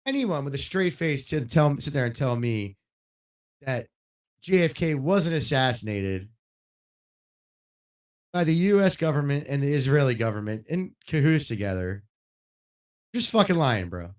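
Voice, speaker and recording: A man ranting casually and bluntly while streaming a game, swearing often and getting louder when worked up. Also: mid-range voice, sing-song, measured pace, pauses often. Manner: blunt and profane, rising loud when worked up. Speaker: gaming livestreamer.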